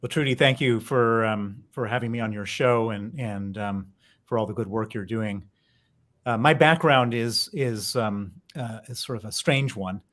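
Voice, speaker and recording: A man's voice: fairly low pitch, moderate pace, a bit bright. A man in his fifties with an American accent, a guest telling his story fluently in an interview. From United States. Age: 50s. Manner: fluent storyteller with some restarts. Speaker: guest, author and investor.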